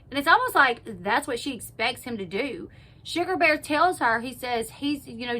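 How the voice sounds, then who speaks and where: A woman's voice: high voice, lively intonation, normal speed, bright, forceful tone. A woman hosting her own channel, casually recapping a reality show episode and quoting the people in it with lots of "like" and "you know".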